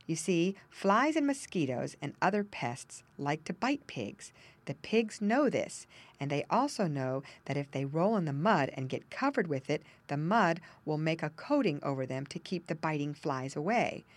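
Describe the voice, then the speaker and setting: A woman narrating a children's storybook, with gentle asides explaining things to young listeners. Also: low-pitched, big pitch swings, normal speed. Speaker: audiobook narrator.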